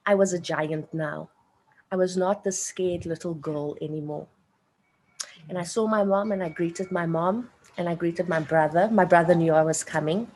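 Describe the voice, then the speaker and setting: Heard through a rough recording with slight hiss or hum, a woman aged late thirties or older speaks at normal speed in a lowish, darkish voice. She has a South African accent and, as an interview guest, tells a personal story with emotion and earnestness, repeating phrases for emphasis.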